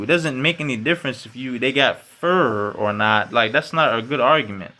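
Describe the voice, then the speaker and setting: A man hosting a casual solo podcast, talking in slangy, profane speech full of "you know" and "man", and getting loud and high when worked up. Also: moderate pace, hardly any pauses. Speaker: podcast host.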